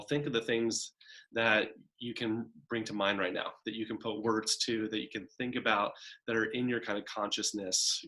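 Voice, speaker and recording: A man's voice: fairly low pitch, pushed and bright. Man giving a casual college lecture. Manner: conversational, frequent "right?" and "kind of" asides; acts out a demanding child's voice in examples. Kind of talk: recorded classroom lecture.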